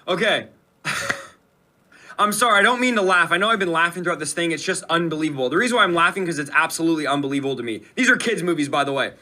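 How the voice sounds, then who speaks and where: An emphatic male host delivers indignant commentary directly to his audience. His voice sits a bit high, with a bright, sharp edge. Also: animated, fast. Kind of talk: commentary on played clips.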